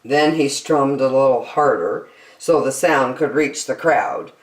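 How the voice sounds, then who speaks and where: A woman reading a rhyming children's picture book aloud in a slow, expressive, sing-song way, recorded in an echoey room. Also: a bass voice, recorded from a distance. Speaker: children's story reader.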